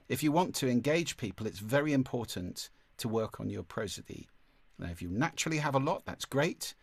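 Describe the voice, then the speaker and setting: A man teaching a masterclass on speaking, with a clear, deliberate delivery and occasional vocal demonstrations. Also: on the low side, expressive, no echo. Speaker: speaking coach. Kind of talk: online masterclass lesson.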